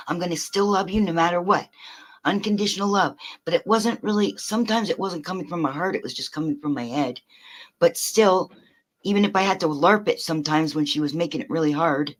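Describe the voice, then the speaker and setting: A woman in casual conversation, talking earnestly, often restarting her sentences and swearing casually as she works through her thoughts. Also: fairly low pitch. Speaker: host.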